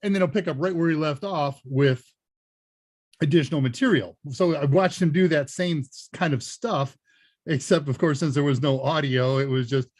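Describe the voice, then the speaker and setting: A man's voice: a little high, moderate pace, a little mellow, no room sound, clean studio sound. A man hosting a live tech Q&A, chatting casually and rambling with chuckling asides. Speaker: host and senior instructor. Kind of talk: casual livestream Q&A chat.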